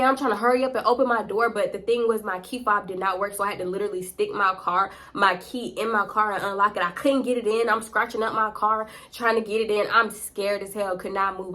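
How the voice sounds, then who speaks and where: A woman's voice: medium pitch, bright, forceful tone. A young woman, telling a storytime close to the camera in a profane, slangy, dramatic way. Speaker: vlogger. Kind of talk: casual storytime.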